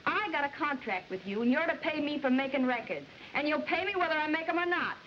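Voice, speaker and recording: A haughty Southern belle singer. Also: female voice, sits high, animated, fast. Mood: indignant. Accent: American Southern. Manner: haughty, indignant, scheming. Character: vain spoiled female singer, demanding and sly. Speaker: recording singer. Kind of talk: 1940s film acting. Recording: dull old film soundtrack with hiss.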